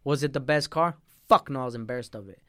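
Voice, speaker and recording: A man's voice: mid-range voice, fast, bright, forceful tone, clean tone, no room sound, clean studio sound. A young man speaking as a podcast guest, telling a personal story in a blunt, heavily profane and emotional way. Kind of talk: casual storytelling interview.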